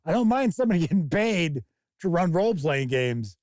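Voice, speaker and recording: Brief: male stream host, slightly high voice, dry close sound, rambling and casual, swears freely. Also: fairly quick, no echo. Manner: rambling, profane, animated mock quotes. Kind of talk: casual live-stream talk.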